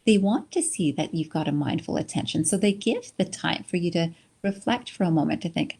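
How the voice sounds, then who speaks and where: Lady teaching a webinar, kinda low voice, keeps saying right?, encouraging vibe. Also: expressive, a little fast, hardly any pauses, a little mellow, breathy edge. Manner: earnest, encouraging, repeats "right?" often. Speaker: webinar lecturer. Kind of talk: conversational lecture.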